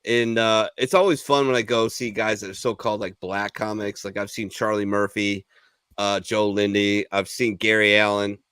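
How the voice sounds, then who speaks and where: A man hosts a loose, casual talk show, his lowish voice clear and smooth. He rambles and swears freely and sounds a little tipsy. The sound is dry and close, with no room around it. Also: level tone, normal speed, fairly bright tone, no room sound. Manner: loose, rambling, profane storytelling. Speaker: podcast host. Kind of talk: casual chat.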